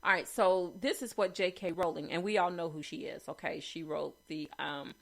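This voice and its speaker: A woman's voice: on the low side, normal speed, gravelly, hardly any pauses. A woman talking casually through writing quotes, with many fillers and restarts and asking "okay?" often. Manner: chatty, frequent fillers and restarts, asks okay. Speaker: host reviewing writing quotes. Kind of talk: casual commentary reading quotes.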